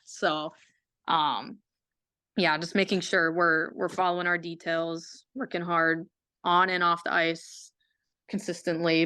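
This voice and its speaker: A young woman with a smooth, clear voice and a lowish pitch talks in a laid-back, casual way. She often doubles up her words and leans on fillers as she chats as an interview guest. The sound is dry and close. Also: fairly bright tone, dry recording. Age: young adult. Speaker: college athlete guest.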